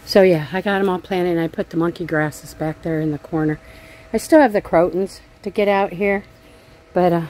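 A woman's voice: on the low side, fairly even intonation, moderate pace, a little mellow. A middle-aged woman vlogging from her backyard garden on a handheld phone, talking bluntly and swearing while she vents. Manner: blunt and profane, venting angrily. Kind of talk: casual gardening vlog. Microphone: handheld phone camera.

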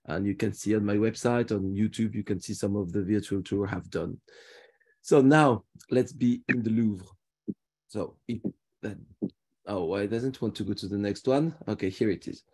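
French-accented man, low mellow voice, chatty tour guide, video call. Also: moderate pace, breathy edge. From France. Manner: chatty, restarts often. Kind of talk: live virtual tour talk.

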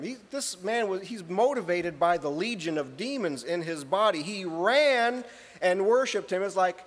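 A man preaching an earnest sermon, reading scripture aloud and often clearing his throat. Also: high-pitched, moderate pace. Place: church hall. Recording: long hall reverb.

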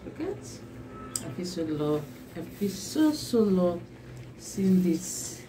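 A woman talks through an unboxing for her vlog, drawn out and slow. She gushes and says each exclamation again and again, laughing between phrases. A clear noisy hiss sits under the whole recording. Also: on the low side, big pitch swings. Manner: gushing, repeats exclamations over and over; laughs often between lines. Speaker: vlogger.

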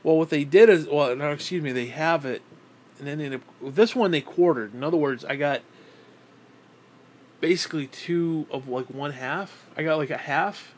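A man's voice: a little high, normal speed, a little hiss or hum. A man rambling casually on camera, swearing often and switching into baby talk with his pet. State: broke and frustrated. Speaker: vlogger.

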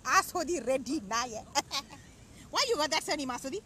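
A woman playing a loud, bossy middle-aged aunty who hosts her own show, chatting and teasing, outdoors at a beach. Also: sits high, expressive, moderate pace, slight background noise. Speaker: show host.

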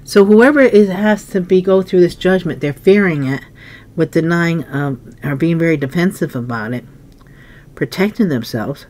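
Low-voiced woman musing through a tarot reading. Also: normal speed, a little mellow. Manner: musing, thinking aloud with frequent coughs and throat clearing. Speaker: tarot reader.

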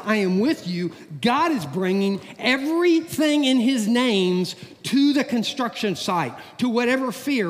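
A middle-aged man, a pastor, preaching a sermon in a church, with a folksy, animated manner and homey everyday stories. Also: extremely high pitch. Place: church sanctuary. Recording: long hall reverb.

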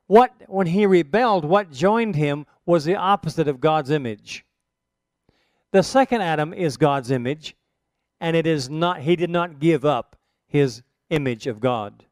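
A man's voice: fairly high pitch, animated, a little slow, a little mellow, no room sound, studio quality. A man teaching a sermon, reciting Bible verses emphatically with rising, stressed phrases. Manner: emphatic, rises for scripture quotes.

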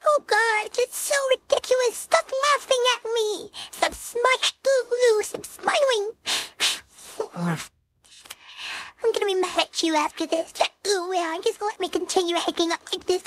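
A woman voicing a tall young wolf girl who keeps hiccupping, speaking in a squeaky, flustered, halting way in an audio role-play. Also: slight background noise. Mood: frustrated whiny. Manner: flustered, pleading, halting speech. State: hiccupping constantly.

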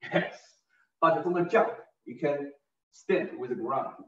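Slow-counting tai chi teacher, man. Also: on the high side, a bit bright, a little hiss or hum. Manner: counts beats aloud, short broken phrases. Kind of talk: step-by-step movement instruction. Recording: distant roomy lo-fi recording.

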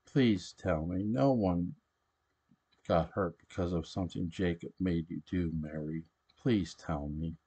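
Man reading as an anxious hermit witch mother, slow, urgent, pleading, storybook. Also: low voice, warm tone, slightly rough, heavily acted. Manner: soothing but urgent, begging.

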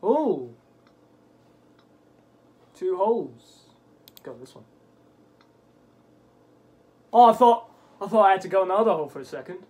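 A man commentating a golf video game, swearing often and yelping at bad bounces, his voice cracking into high squeaks. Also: animated, moderate pace, pauses often, darkish tone. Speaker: gaming channel host. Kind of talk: let's play commentary.

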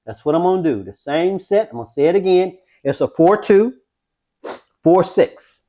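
Excited man narrating his dice throws. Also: high-pitched, normal speed. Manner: excited, talks folks through each throw. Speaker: dice-control craps vlogger. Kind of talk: casual play-by-play while throwing dice.

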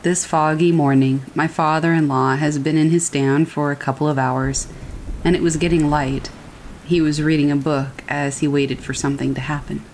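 A woman with a low voice narrates a scary story in a calm, steady manner. Soft rain falls faintly behind her throughout the reading. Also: normal speed, slight background noise, low-quality recording. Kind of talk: scripted narration of reader stories. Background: rain falling.

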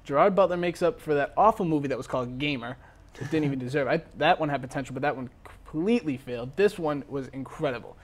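A man co-hosting a casual movie debate show, joking and sarcastic as he argues his picks. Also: a little high. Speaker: co-host.

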